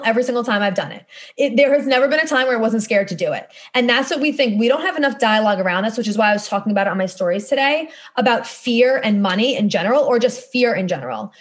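A woman in her thirties hosting a casual podcast monologue, talking bluntly and emphatically, with casual swearing. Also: fairly high pitch. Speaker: podcast host and course coach.

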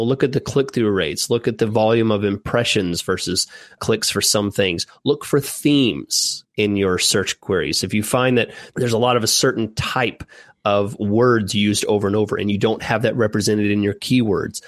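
Brief: Texan man hosting a casual Q&A podcast, lowish voice, dead-dry sound. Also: moderate pace, no echo. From Texas. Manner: reads listener email aloud with joking asides. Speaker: podcast co-host.

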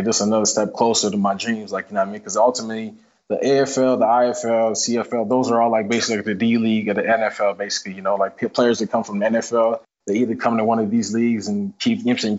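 A young man telling stories as an interview guest in a loose, casual way, full of fillers. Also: on the low side. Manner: fast, loose, many fillers like "you know what I'm saying". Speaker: football player guest. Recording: dull lo-fi podcast audio.

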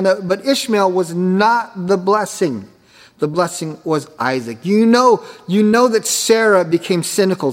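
Man preaching in an echoey hall. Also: high voice. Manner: emphatic preaching with rhetorical questions. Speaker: pastor. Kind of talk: sermon. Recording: echoey hall with long reverb.

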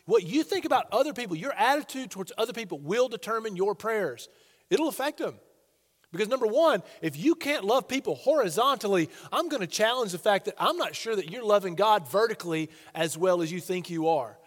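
A man's voice: high voice, animated, a little fast, big-room sound. A man preaching a sermon as pastor, earnest and conversational, often asking his listeners questions.

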